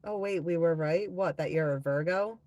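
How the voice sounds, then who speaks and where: A woman's voice: on the low side, moderate pace, a little mellow, dry recording, muffled recording. A woman hosting a live tarot-reading stream, chatting casually with viewers, reading out their comments and swearing freely.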